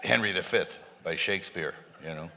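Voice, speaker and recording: A man with a low, bright voice rambles through stories on stage, full of restarts and laughing asides. He speaks into a microphone in a large hall. A long reverb hangs after his words, and faint noise sits underneath. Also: a little fast, vocal fry. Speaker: interview guest. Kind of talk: live on-stage anecdotes. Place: large hall with a live audience.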